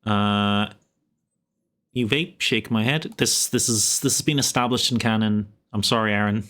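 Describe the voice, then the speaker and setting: A young man from Ireland, with an Irish accent and a lowish, slightly bright voice, talks at a measured pace. He's running a tabletop game as game master and chatting casually with viewers, laid-back and often chuckling.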